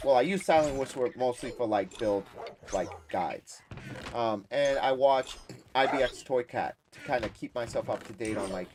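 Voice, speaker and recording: A man's voice: mid-range voice, moderate pace, background noise. A man from Massachusetts hosting a gaming livestream, chatting casually and rambling with his viewers, switching freely into Spanish. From Massachusetts, USA. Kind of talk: casual chat with live chat viewers.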